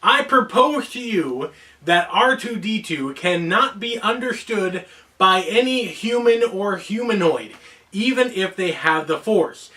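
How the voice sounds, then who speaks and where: An American man hosts a casual explainer video in a playful, joking manner. His voice sits high and bright. The mic is placed a little away from him. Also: animated, a little slow, recorded from a distance. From United States (Oregon). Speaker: host.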